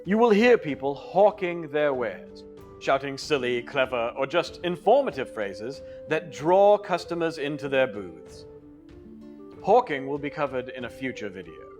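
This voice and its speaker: A man's voice: medium pitch, animated, measured pace, darkish tone, faint music behind. A man in a put-on English accent narrating a training video in a playful, theatrical and emphatic way.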